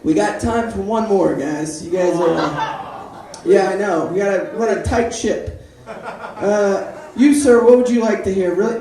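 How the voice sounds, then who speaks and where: Deadpan stand-up comic in echoey room. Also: male voice, high voice, measured pace. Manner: deadpan, self-deprecating, banters with the crowd. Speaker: stand-up comedian. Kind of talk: stand-up comedy set. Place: live open mic room. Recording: echoey live room from far off. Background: audience laughter.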